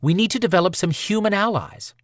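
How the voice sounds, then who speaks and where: A man's voice: high-pitched, lively intonation, brisk, no echo, clean studio sound, voice pushed up. A man reading an audiobook voices a determined woman supernatural warrior, blunt and impatient. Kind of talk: audiobook character voice.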